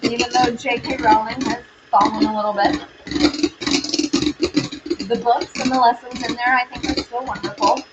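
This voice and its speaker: Slightly high and steady, this woman's voice moves at normal speed with frequent pauses, though the recording is muffled and heavy with background noise. As a baking show host streaming casually from her kitchen, she mixes while chattily rambling to viewers and pets.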